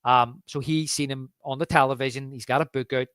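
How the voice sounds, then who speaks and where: A man's voice: medium pitch, steady tone, fairly quick, a bit bright, clear, resonant tone, dry recording, clean studio sound. A man co-hosting a podcast, chatting casually and animatedly, often acting out lines and laughing. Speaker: podcast co-host. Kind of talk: casual film chat.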